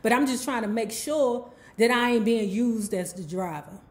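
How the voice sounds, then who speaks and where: Woman doing a cocky young dude, slangy swagger, kinda high voice. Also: moderate pace, echoey room, natural voice. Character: cocky young man on a date.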